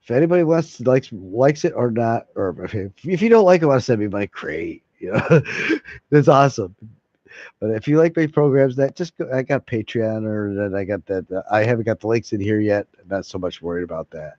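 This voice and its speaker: Talking loosely to his audience, this male vlogger curses without restraint and laughs softly as he moves from thought to thought. He sounds animated and brisk, with a lowish, slightly mellow voice. It's a dry, dull lo-fi recording.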